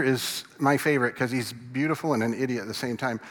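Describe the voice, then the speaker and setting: A man's voice: medium pitch, steady tone, fairly quick, hardly any pauses, a bit bright. A man preaching a sermon as a pastor, conversational and asking the congregation questions. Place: church sanctuary. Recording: long reverb in a large hall.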